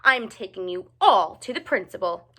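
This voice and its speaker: A woman's voice: medium pitch, animated, moderate pace, a bit bright. A woman voicing a strict female schoolteacher who speaks firmly and scolds. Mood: scolding. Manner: firm, scolding, commanding. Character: strict stern female schoolteacher, middle-aged.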